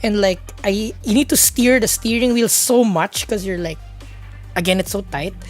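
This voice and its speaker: A woman's voice: medium pitch, normal speed, soft background music. A woman live-streaming a racing game, chatting casually with viewers in a rambling way, full of fillers and restarts.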